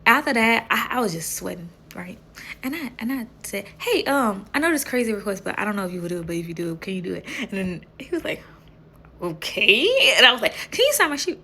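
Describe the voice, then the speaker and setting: Bright, gravelly-voiced young woman telling a story. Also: medium pitch, brisk, slight background noise. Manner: animated, laughing, swearing freely. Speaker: vlogger. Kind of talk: casual storytelling.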